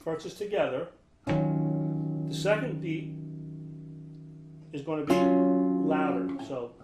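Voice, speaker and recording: A man's voice: on the high side, slow. Man teaching guitar in a roomy space. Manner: relaxed, thinks aloud with restarts. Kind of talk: casual instructional talk. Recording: roomy sound with loud guitar. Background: guitar playing.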